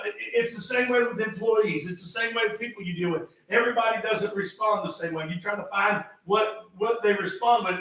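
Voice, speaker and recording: A pastor preaching a folksy sermon, repeating himself and building up to shouts. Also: male voice, high voice. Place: church sanctuary. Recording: echoey hall, mic far off.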